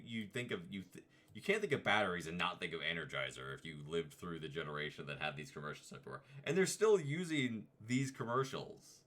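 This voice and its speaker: A man's voice: deep voice, a bit bright. A man hosting a casual tier-list video, rambling and chatty with playful asides. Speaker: vtuber host.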